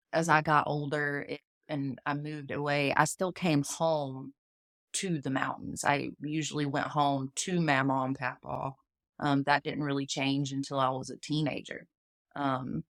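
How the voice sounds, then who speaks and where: A woman's voice: low voice, no room sound, clean studio sound. A woman, telling folksy family stories as a podcast guest and acting out the people she quotes. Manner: folksy, animated storytelling, acts out quoted voices. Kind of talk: storytelling interview.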